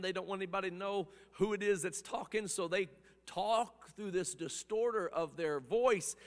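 A man preaching a sermon, swinging between hushed passages and loud, impassioned ones, often repeating words as he builds. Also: high voice, long reverb tail.

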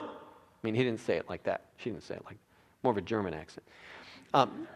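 A male pastor delivers an emphatic sermon, his voice sitting at an ordinary middle pitch. He often doubles back on words as he drives a point home. The sound carries the long reverb of a large church hall. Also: expressive, moderate pace, a bit bright. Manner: emphatic, repeats words while building points. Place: church sanctuary.

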